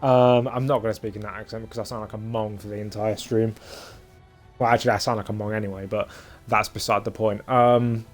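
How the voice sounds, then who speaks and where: A man's voice: fairly low pitch, little pitch movement, brisk, soft background music. A young man casually commentating a sim racing stream, rambling with lots of filler and cheeky, crude jokes.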